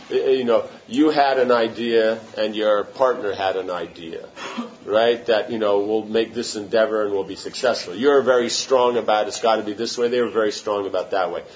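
Man, spiritual teacher, lowish voice, casual devotional lecture, slightly dull recording. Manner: conversational, often checks for understanding. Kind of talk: informal devotional talk to an audience. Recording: slightly muffled recording with faint room noise.

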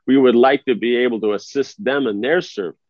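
A man's voice: mid-range voice, a little fast, a little mellow, dry recording. A man giving an informal spiritual discourse in a conversational way, often checking that his listeners follow him. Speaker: spiritual teacher. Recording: dry, slightly dull lo-fi recording.

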